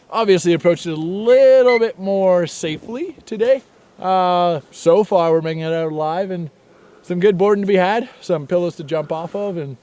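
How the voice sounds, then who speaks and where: Laid-back young snowboarder guy, mellow and smooth. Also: fairly high pitch. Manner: casual, laid-back slang. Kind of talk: on-location vlog storytelling. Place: snowy mountain slope outdoors.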